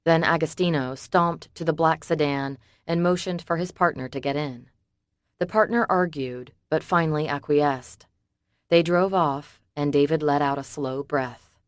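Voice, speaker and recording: A woman narrating an audiobook in an even, measured reading. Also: low voice, no room sound, studio quality. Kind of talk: scripted narration.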